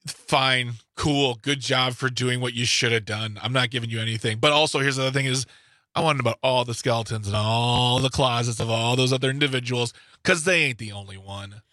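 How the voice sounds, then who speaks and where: A man's voice: mid-range voice, brisk, pushed and bright, no room sound. A man co-hosting a live talk radio show in a studio, trading sarcastic, jokey banter. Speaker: radio co-host.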